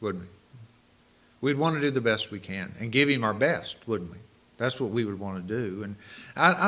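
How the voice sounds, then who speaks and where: Animated male preacher with a bright voice. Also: medium pitch. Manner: animated, asks the audience rhetorical questions. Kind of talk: sermon.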